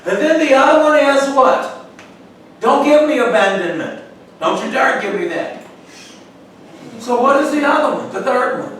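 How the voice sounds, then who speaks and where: A man's voice: extremely high pitch, animated, moderate pace, pauses often, a bit bright. A man leading a church Bible study who quizzes the group and answers them with emphatic calls. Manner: asks questions for the group to answer, sudden emphatic outbursts. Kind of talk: call-and-response Bible study teaching. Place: church room. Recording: echoey church room from far off, faint noise.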